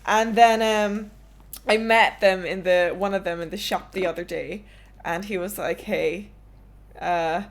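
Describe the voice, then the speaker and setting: Young woman streamer rambling thru a story, candid, swears a lot, mid pitch. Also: fairly even intonation, measured pace. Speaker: streamer, podcast host. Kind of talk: casual podcast chat.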